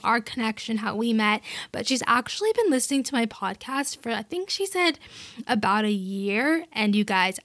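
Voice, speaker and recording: Chatty woman podcast host, upbeat and playful, slightly high voice, dry close sound. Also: a bit bright, dry recording. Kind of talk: casual podcast chat.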